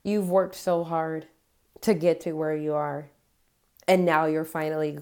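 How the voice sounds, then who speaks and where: A woman with a slightly low voice gives a tarot reading to camera. She speaks earnestly and with feeling, offering encouragement and affirmations directly to her viewers. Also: steady tone, measured pace, darkish tone. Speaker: tarot reader.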